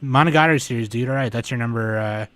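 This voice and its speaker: A man hosting a podcast in casual chat, excitable and swearing freely. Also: mid-range voice, fast talker, dry recording. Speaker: podcast host.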